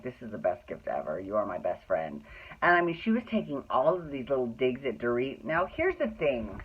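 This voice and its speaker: A chatty, rambling podcast host recapping reality TV in a campy, gossipy way, full of asides and slang. The voice sits at a middling pitch. It comes through thin and tinny, like a phone line. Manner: chatty, rambling, with frequent restarts and laughs. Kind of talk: casual gossipy recap chat.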